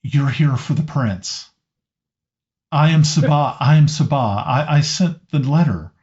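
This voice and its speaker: A man voicing a frightened young female elf prisoner in a tabletop game, speaking low and urgently. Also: measured pace, a little mellow, natural voice. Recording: slightly muffled lo-fi audio.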